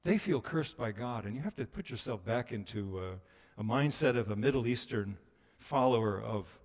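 A man preaching a sermon, moving between hushed passages and loud, emphatic ones. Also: medium pitch, animated, normal speed. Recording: long reverb of a large hall.

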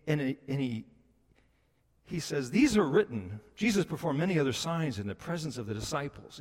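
A man preaching a sermon as a pastor, telling the story with animated delivery and acting out the voices of people he quotes. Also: on the high side, in a large hall.

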